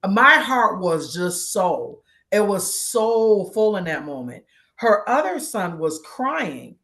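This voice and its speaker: A woman speaking with deep feeling as she recounts a moving personal encounter. She slips into other people's words as she tells it, and her voice sits at a middling pitch. The talk is casual and open. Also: sing-song, slow pace, creaky, a bit bright. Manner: heartfelt, tearful storytelling with many quoted exchanges. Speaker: guest co-host. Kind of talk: casual chat, emotional personal story.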